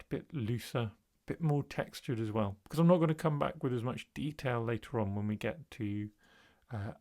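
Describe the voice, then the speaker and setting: A man, an art tutor, narrating his own painting process in a relaxed, thinking-aloud voice-over. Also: medium pitch, gravelly.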